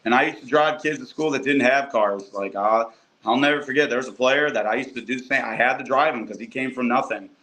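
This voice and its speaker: A man's voice: mid-range voice, fast, sharp tone, rough recording. A young adult man, a college football coach, speaking earnestly as a podcast guest, with many fillers and restarts. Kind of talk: casual podcast conversation.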